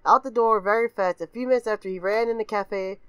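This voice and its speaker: A woman hosting a reaction video, reading aloud haltingly, giggling and breaking into shrieking laughter and goofy voices. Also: mid-range voice, smooth, no room sound. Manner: frequently puts on goofy voices of kids. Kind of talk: casual reaction commentary.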